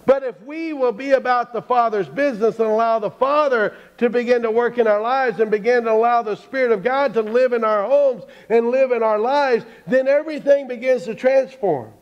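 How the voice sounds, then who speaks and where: A man's voice: extremely high pitch, normal speed, few pauses. A man preaching a sermon as pastor, telling a story and acting out the people in it. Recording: dull lo-fi church stream.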